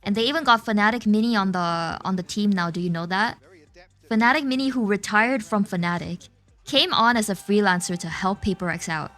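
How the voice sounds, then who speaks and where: A woman hosting an esports watch party, switching between loud cheering and quick match analysis. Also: mid-range voice. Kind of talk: excited esports co-watching chat.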